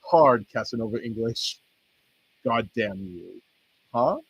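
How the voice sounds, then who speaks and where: A man's voice: mid-range voice, lively intonation, slow, vocal fry, a bit bright, husky, no echo, lo-fi sound. A man hosting his own stream, rambling casually with frequent swearing. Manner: rambling, swears and laughs often. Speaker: stream host.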